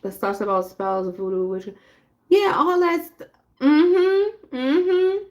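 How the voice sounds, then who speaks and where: A woman's voice: medium pitch, sing-song, moderate pace. A woman giving a casual live tarot reading, talking bluntly and chattily straight to her viewers. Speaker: tarot reader.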